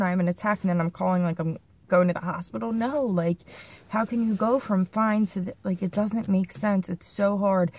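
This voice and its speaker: A woman's voice: mid-range voice, a little mellow, no echo. A young woman talking anxiously and rambling in a personal vlog, sounding shaken and near tears. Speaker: vlogger.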